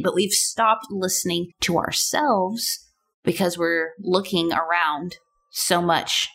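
A woman's voice: on the low side, steady tone, slow, vocal fry, fairly bright tone. A woman in her thirties hosting a casual solo podcast, chatty and playful, full of rhetorical questions. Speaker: podcast host.

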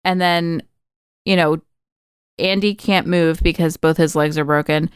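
A woman podcast co-host walks through a film plot in easygoing conversation, peppered with "like." Her voice is very smooth and clear, and sits a little low. The sound is close and dry, with no room echo. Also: fairly even intonation, measured pace. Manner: chatty storytelling, many "like" fillers. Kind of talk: casual film recap chat.

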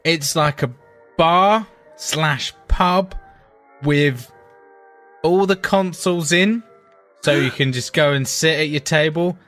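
A man co-hosting a podcast, telling a story in a casual, animated way and swearing freely. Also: fairly high pitch, unhurried, soft background music. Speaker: podcast co-host. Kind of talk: casual chat.

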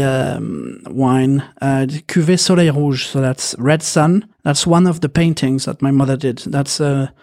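Hesitant host explaining, full of uhs. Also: male voice, on the high side, a little mellow. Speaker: podcast host. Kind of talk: casual chat.

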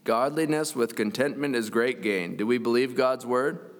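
A man's voice: mid-range voice, moderate pace. Man preaching in a reverberant church. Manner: earnest, reads scripture aloud, chuckles now and then. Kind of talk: sermon.

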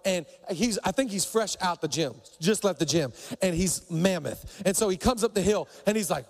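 A middle-aged pastor preaches a sermon with animated storytelling, acting out the people in his stories with big pitch jumps in the quoted voices. His intonation is lively, his pace moderate, his voice creaky, and the church auditorium gives a long hall reverb.

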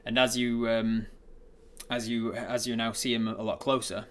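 A man's voice: medium pitch, flat delivery, moderate pace, fairly bright tone. A man narrating as game master of a tabletop game, hesitant, with many fillers and restarts.

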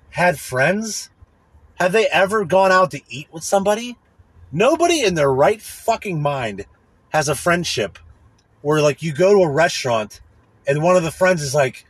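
Guy ranting on his podcast, kinda husky, swears a lot, keeps going "you know what i mean", dry close sound. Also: high voice, very animated, normal speed, dry recording. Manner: profane, rambling, irritated complaining. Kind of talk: casual rant.

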